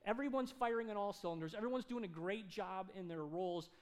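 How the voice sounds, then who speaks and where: A male pastor preaching a sermon, telling a story with animated delivery and acted-out dialogue. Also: high-pitched, fast talker. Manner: animated, acts out dialogue in his stories.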